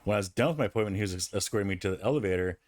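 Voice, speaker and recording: A man's voice: on the low side, rapid-fire, a little mellow, no echo. A man casually telling a rambling personal anecdote, with frequent restarts and fillers. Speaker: vlogger. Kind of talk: casual storytelling.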